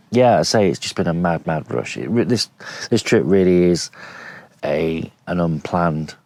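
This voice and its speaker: A man's voice: sits low, darkish tone, dry recording. A tired man rambling easily to camera from inside his tent at a campsite, talking with lots of fillers. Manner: rambling, easygoing, many fillers. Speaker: camping vlogger. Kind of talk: casual vlog chat to camera. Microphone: action camera.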